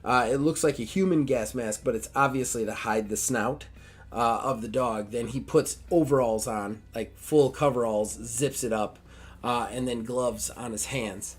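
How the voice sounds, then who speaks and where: A man game master narrating a tabletop game in a rambling, filler-heavy way. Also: medium pitch.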